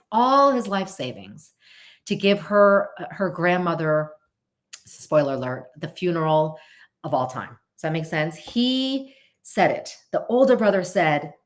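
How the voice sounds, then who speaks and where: A woman hosting a casual live stream, answering viewer questions in an animated way, thinking aloud and often asking viewers whether they agree. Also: on the low side. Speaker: host of a live show.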